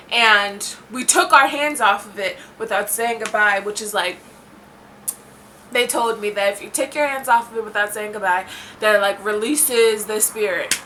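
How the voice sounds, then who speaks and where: Bright-voiced young woman telling a story. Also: fairly high pitch, a little slow, a little hiss or hum. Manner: animated, acts out dialogue, says "like" a lot. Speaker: vlogger. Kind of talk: storytime vlog.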